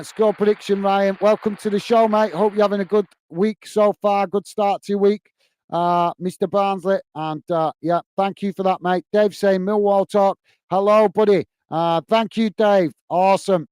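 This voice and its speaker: A man's voice: sits high, fairly even intonation, unhurried, darkish tone, clear, resonant tone, no echo. A man hosting a live football fan watch-along, chatting enthusiastically with viewers, full of fillers and calling everyone mate. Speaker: fan channel host.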